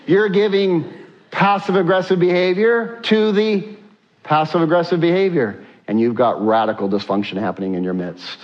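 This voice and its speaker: This pastor's voice is a little high and animated, at a normal speed, and the recording has its highs cut off. His sermon is emphatic, he repeats his points, and he uses "uh" as a filler again and again.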